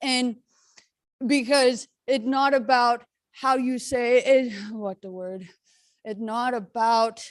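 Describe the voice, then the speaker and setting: A woman speaking as a parent at a school board meeting's public comment, halting with many fillers and restarts and sounding frustrated. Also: on the high side, steady tone, dry recording.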